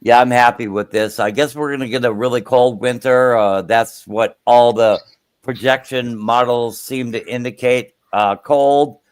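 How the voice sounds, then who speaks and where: Guest: plain middle-pitched man, rambling, dry sound. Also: fairly even intonation, measured pace, clean tone, no echo. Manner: rambling with many ums. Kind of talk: casual chat.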